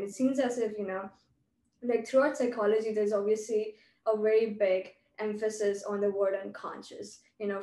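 A woman's voice: mid-range voice, mellow, a little hiss or hum. A woman hosting a podcast, talking in a thoughtful, musing, academic way. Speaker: podcast host. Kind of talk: casual chat. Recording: echoey, distant from the mic.

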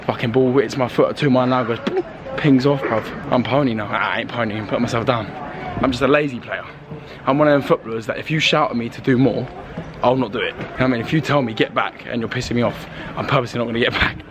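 A man's voice: mid-range voice, fast, noisy background. Slangy young man vlogging. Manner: swearing, slangy and animated. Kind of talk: casual vlog chat.

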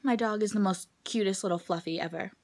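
A woman's voice: medium pitch, fast, a little mellow. A young adult woman talking straight to camera in a casual vlog, venting bluntly and swearing freely about her day. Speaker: vlogger.

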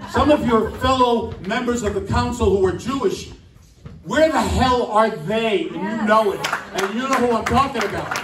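A man's voice: high voice, recorded from a distance, slight background noise. A man giving an indignant political speech at a club meeting, full of rhetorical questions. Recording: echoey room, voice off-mic.

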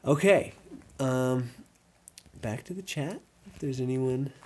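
A woman's voice: extremely low pitch, takes it slowly, warm tone, husky. A woman hosting a casual live stream, chatting to her viewers and talking to her small dog by turns.

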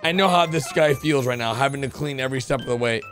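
A man hosting a reaction video, giving excitable, exclamatory commentary on animated clips and calling out to viewers. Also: medium pitch, fast. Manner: excitable, exclamatory, talks to viewers as "bro" and "guys". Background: music.

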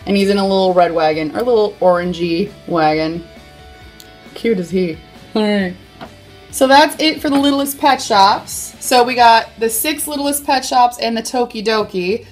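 A woman's voice: mid-range voice, expressive, a little slow, soft background music. A woman hosting a toy unboxing, chatting casually in a playful way and tossing in silly sound effects.

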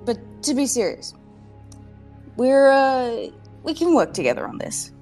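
A woman player talks in character at a tabletop game, dry and sardonic, her voice sitting a little high. Music runs faintly behind her. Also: big pitch swings, a little slow, darkish tone. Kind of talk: in-character tabletop role-play.

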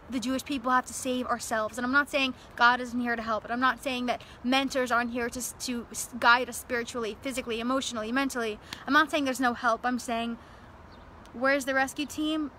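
High, bright-voiced young woman speaking passionately. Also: a little hiss or hum. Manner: emotional and emphatic, with repeated phrases and fillers. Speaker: speaker promoting a religious event. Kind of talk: impassioned storytelling monologue.

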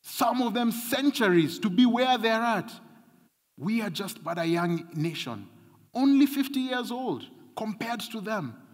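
A man's voice: high voice, sing-song, unhurried. A man preaching a sermon, emphatic and repetitive, his intensity rising and falling. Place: large church hall. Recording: long hall reverb.

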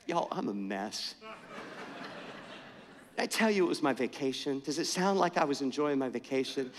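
A middle-aged man preaching a sermon, telling an animated, self-mocking story in a conversational way. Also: fairly high pitch, moderate pace, pauses often. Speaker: pastor. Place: church sanctuary. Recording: church hall reverb.

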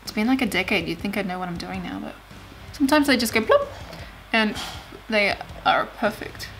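A beauty vlogger chats casually while doing her makeup in a get-ready-with-me video, making fun of herself and swearing when frustrated. Her mid-range voice is animated and fairly bright at a normal pace, with soft music in the background.

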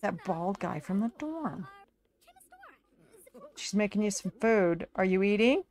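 A woman's voice: medium pitch, expressive, a little slow, darkish tone. A woman giving casual, chatty commentary over her life-sim game, talking to her characters like a fussing parent. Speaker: gaming video creator.

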